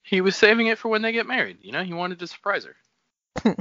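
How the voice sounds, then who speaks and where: A man's voice: sits high, very animated, brisk, sharp tone, dry recording, highs cut off. A man co-hosting a casual book podcast, teasing his co-hosts and laughing easily. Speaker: podcast co-host. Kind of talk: casual book-club chat.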